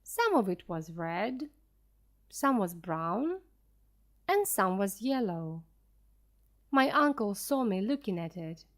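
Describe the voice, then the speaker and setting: Slow, clear woman reading a story. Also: mid-range voice, sing-song. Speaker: narrator. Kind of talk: story read for beginner learners.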